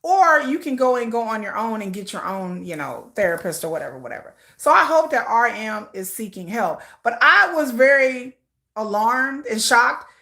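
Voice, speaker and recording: A fairly high-voiced, middle-aged woman speaks off the cuff on a livestream. She sounds close to tears and talks in a heartfelt, repeating way, pressing her points with frustration. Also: big pitch swings, moderate pace, gravelly, bright, forceful tone. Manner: heartfelt, repetitive, building to frustration. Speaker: livestream host. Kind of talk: emotional casual commentary.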